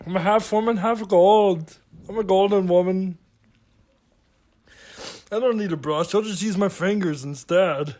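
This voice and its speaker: A goofy, boastful woman beauty vlogger, played by a man in a comic makeup-tutorial voice-over. She drawls at an unhurried pace, gasps at every product she picks up, and swears mildly. She also hums filler syllables while she works. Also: sits high, darkish tone. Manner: gasping exclamations and mild swearing. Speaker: husband narrating his wife's makeup tutorial.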